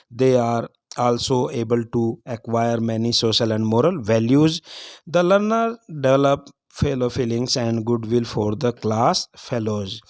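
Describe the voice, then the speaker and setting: A man with an Indian English accent reads exam notes aloud in a steady, even tutor's voice. His pitch sits in a middle range for a man. The sound is dry and close, with no room around it. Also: dry recording. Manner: steady reading with occasional slips and fillers. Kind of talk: reading revision notes aloud.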